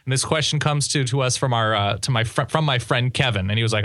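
A man's voice: medium pitch, quick pace, hardly any pauses, fairly bright tone, no echo. A man co-hosting a casual sports podcast, talking in a laid-back, wry way. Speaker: podcast co-host.

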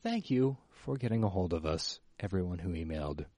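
A man co-hosting a podcast, wry and quick to laugh in casual banter. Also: low voice, lively intonation, dark tone, no room sound, clean studio sound. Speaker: podcast co-host.

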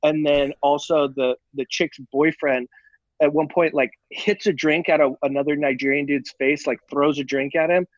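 Podcast co-host, a man with a higher voice, swearing and emphatic, dull dry lo-fi mic. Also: fairly even intonation, moderate pace, no echo. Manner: profane, emphatic, says dude a lot. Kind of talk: casual chat.

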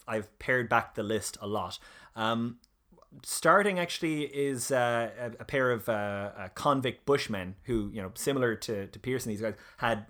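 A man's voice: on the low side, fairly bright tone. A man presenting history in a casual conversation, reading out passages, with many fillers and restarts. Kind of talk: casual podcast chat.

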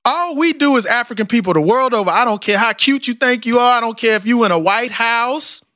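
A man's voice: extremely high pitch, fairly quick, sharp tone, no echo, studio quality. A man with a Southern American twang, talking in a casual, passionate, rambling way and often asking "you know what I'm saying". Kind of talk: casual conversation.

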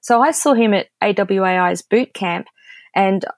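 An Australian woman, a copywriter guest on a podcast, talking in a candid, direct way and telling lively stories. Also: mid-range voice, measured pace, dry recording. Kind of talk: casual podcast interview.

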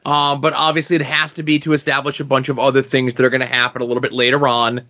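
A man's voice: medium pitch, flat delivery, fast, sharp tone. Man chatting about comics, lo-fi sound. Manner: chatty, filler-heavy. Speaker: podcast co-host. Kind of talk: casual chat about comics.

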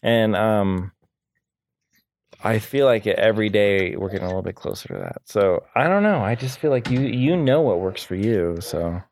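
A man's voice: lowish voice, animated, moderate pace, darkish tone, dry recording. A man co-hosting a podcast in casual chat, easygoing and laughing along. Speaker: podcast co-host.

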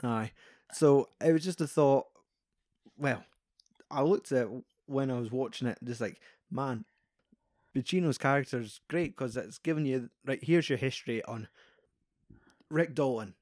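A man's voice: medium pitch, unhurried, no room sound, studio quality. Sweary man talking films. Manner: animated, sweary, acts out quoted lines. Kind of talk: casual film discussion.

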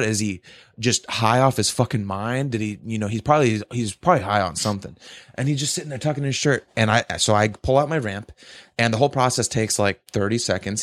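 Man, casual storyteller, mid-pitched voice, dry close sound, rambling and profane. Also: dry recording. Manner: rambling, profane, says "right?" often. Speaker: podcast co-host telling a story.

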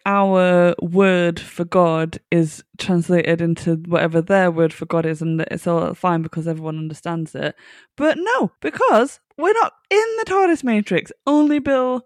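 A podcast co-host in casual chat, giggly with animated reactions. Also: mid-range voice, unhurried, no echo, clean studio sound.

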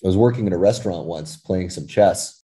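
Deep, mellow-voiced American man telling stories. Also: brisk. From California, United States. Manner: animated storyteller, frequent fillers. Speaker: podcast guest. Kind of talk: casual conversation.

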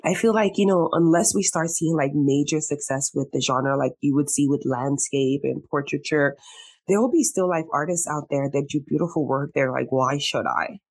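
A woman's voice: deep voice, normal speed, a little mellow. Bubbly woman podcast host. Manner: bubbly, laughs often, emotional. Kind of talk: casual interview chat.

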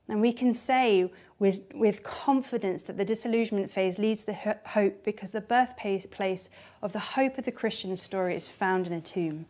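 A woman preaching a candid, personal sermon, dropping to hushed tones at times. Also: medium pitch, normal speed, few pauses.

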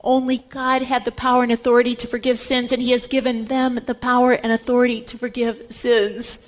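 A woman's voice: a little high, little pitch movement, a little fast. A woman giving a Catholic Bible teaching talk, emphatic and repeating words for stress.

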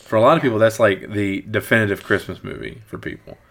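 A middle-aged man with a very deep, low voice talks casually through a movie review. He rambles and restarts, repeating words as he gathers his thoughts. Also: fast, creaky, fairly bright tone. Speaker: podcast host.

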